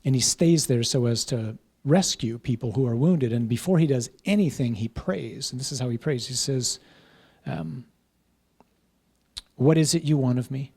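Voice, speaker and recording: A man's voice: medium pitch, lively intonation, normal speed, darkish tone, breathy edge. A man, a parish priest, teaching a class in an informal conversational way, often checking in with "right?" and "huh?".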